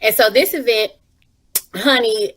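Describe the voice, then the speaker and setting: Animated, expressive woman guest. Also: on the high side, measured pace. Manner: animated, expressive storyteller, colloquial. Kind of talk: casual talk-show chat.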